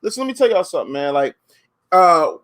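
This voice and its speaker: A man holds forth on a casual comedy podcast. He rants with a lot of profanity and slips into quick put-on voices to act out his stories. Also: high-pitched, big pitch swings, fairly bright tone. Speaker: podcast co-host.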